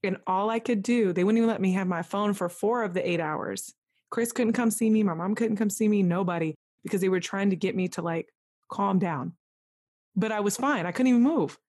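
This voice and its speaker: This young woman has a medium-pitched, darkish voice and talks fairly quickly. On a podcast, she frankly relives a personal story, performing the dialogue of the people who spoke to her.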